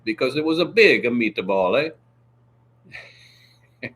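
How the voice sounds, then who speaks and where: A man's voice: medium pitch, big pitch swings, takes it slowly, fairly bright tone, heavily acted. A man doing a hammy mock-Italian meatball guy. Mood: hammy lament. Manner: exaggerated mock Italian accent, tacking "eh?" onto lines.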